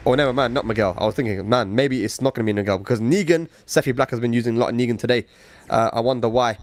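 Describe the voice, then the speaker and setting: A man's voice: mid-range voice, rapid-fire, slight background noise. A man commentating a fighting game tournament stream in casual, slang-filled banter. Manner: laid-back banter with slang, urging viewers to donate.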